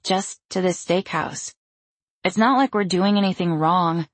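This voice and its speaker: A woman's voice: lowish voice, measured pace, dry recording. A woman voicing an angry, rebellious young adult daughter who talks back in an indignant, raised voice. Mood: sullen.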